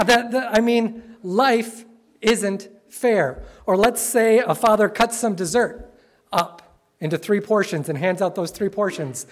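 A man delivers a sermon to a congregation in a church. He tells stories in an easy, conversational way, then slows right down to stress his key words. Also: high-pitched. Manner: conversational, playful storytelling with sudden slow emphatic phrases. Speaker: pastor.

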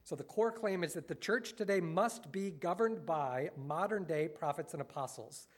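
Man, earnest lecturer, mid-high voice, wry asides. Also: moderate pace. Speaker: speaker critiquing a church movement. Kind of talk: lecture-style talk, reading quotes.

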